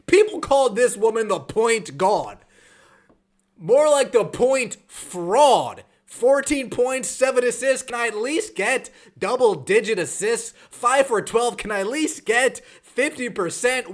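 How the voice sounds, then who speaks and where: High-voiced sarcastic man ranting. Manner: sarcastic, mocking. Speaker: podcast host. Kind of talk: sports commentary rant.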